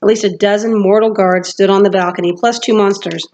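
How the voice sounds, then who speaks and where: A woman's voice: mid-range voice, fairly even intonation, brisk, darkish tone, muffled recording. A woman teacher reading a novel aloud to her class, steadily and with occasional self-corrections. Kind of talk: storybook read-aloud narration.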